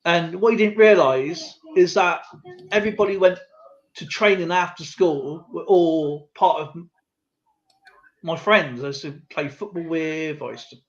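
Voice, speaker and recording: A man hosting a live stream tells a rambling anecdote in a voice on the high side at a moderate pace. He's casual and chatty, full of fillers and asides, and the lo-fi stream audio sounds slightly muffled.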